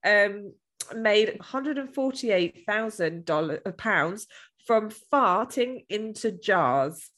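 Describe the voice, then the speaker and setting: A woman's voice: mid-range voice, lively intonation, slow, fairly bright tone. A woman co-hosting a podcast, chatting casually and crudely with bursts of giggling. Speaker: podcast co-host.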